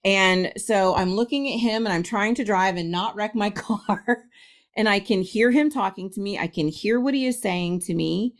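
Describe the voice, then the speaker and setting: A woman's voice: medium pitch, normal speed. A middle-aged woman from Ohio, a guest medium, telling a story in a casual interview, laughing often and acting out quotes.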